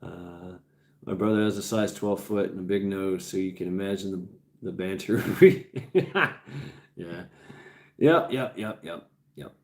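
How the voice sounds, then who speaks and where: Deep and a little mellow, this man's voice moves slightly slowly with long pauses. He's a forties-aged livestream host in casual chat mode, meandering, swearing liberally, laughing a lot and repeating himself, fatigued after hours on air.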